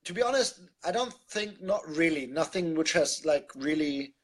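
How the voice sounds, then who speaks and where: A man's voice: fairly high pitch, lively intonation, normal speed. Man from Germany, mixed English-German accent, casual live-stream chat, hesitant, lots of fillers. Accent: mixed German, English and Irish-sounding. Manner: hesitant, many fillers and restarts, laughs often.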